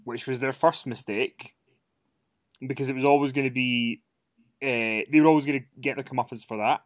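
A man co-hosting a podcast, animated and prompting his partner with questions. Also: mid-range voice, normal speed, no room sound, clean studio sound. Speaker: podcast co-host. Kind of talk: casual chat.

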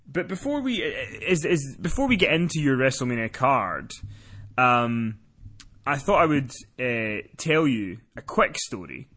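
A man's voice: mid-range voice, fairly bright tone. A man chatting on a podcast, telling a rambling story with many restarts. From lives in Scotland. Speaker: podcast co-host. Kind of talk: casual podcast chat.

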